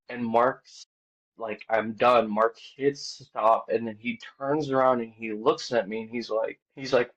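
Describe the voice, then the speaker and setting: On a podcast with dull, muffled audio, a guest who sings in a band rambles through a personal story, leaning heavily on "like" and recreated dialogue. He stays quiet and low-key for the most part, perking up when excited.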